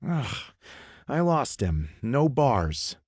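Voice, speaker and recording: A wry, sarcastic male partner, as a man puts him on in a horror audiobook. His voice sits noticeably higher than the narrator's own. He delivers his lines dry and mocking. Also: sing-song, very slow, husky, dry recording, heavily acted. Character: wisecracking male partner, sardonic.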